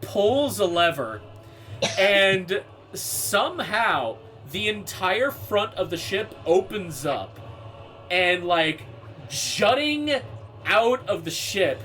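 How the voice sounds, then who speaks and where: A man's voice: high-pitched, big pitch swings, slow pace, a bit bright, soft background music. A man narrating a tabletop game as game master, loose and rambling with lots of fillers.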